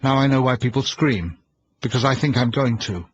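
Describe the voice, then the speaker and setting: A man's voice: low-pitched, fairly even intonation, normal speed, husky, no room sound, lo-fi sound. A man reading frightened young woman Eleanor. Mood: fearful. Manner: tense, fearful inner voice. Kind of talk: audiobook reading.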